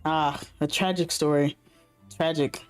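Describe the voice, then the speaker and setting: A woman's voice: low-pitched, fairly even intonation, measured pace, clean tone, faint music behind. A woman voicing a pompous grown man who cosplays as a knight, speaking in grand mock-archaic phrases as she reads game dialogue aloud. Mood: theatrical.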